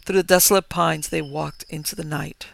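A man reading a horror story aloud in a slow, dramatic way. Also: fairly high pitch, steady tone, vocal fry, fairly bright tone, a little hiss or hum. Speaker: narrator.

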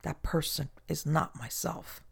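A man's voice: fairly high pitch, fairly even intonation, a little slow, creaky, a bit bright, husky, heavily acted. A man reading aloud, voicing a long-marooned old castaway who talks in a surly, terse, old-fashioned way.

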